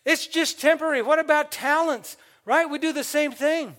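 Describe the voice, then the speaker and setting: A man's voice: very high voice, fairly even intonation, normal speed, a bit bright. An older man preaching a sermon, exhorting the congregation and calling out for amens. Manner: exhorting, calls for amens and asks the congregation questions.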